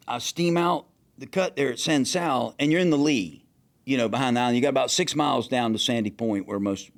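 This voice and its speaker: Man, fishing captain, animated storyteller, shouts out quoted lines, casual and profane. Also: mid-range voice. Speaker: fishing captain, podcast guest.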